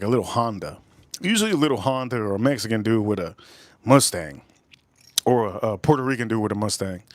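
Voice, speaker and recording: A man hosting a casual live stream, reading out chat messages and giving shout-outs, repeating his phrases and swinging between loud bursts and low mutters. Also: dry recording. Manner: animated, reads out chat and gives shout-outs.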